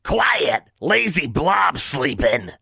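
Man doing a shrill screeching talking pet creature. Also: sing-song, drawn-out words, gravelly, pushed and bright, husky, dry recording, studio quality, exaggerated voice. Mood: shrieking. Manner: screeching insults. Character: shrill foul-mouthed caged talking creature.

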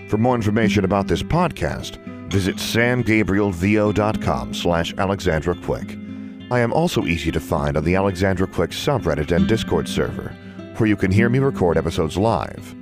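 A man narrating an audiobook podcast in a steady, measured reading. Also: sits low. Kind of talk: scripted narration.

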